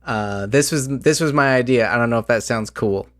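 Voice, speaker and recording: A man's voice: mid-range voice, normal speed, no echo. Podcast host, male, chatty game master, rambling delivery, a bit worn out, dry close sound. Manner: rambling, many fillers and restarts. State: voice slightly going out. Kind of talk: casual chat about tabletop games.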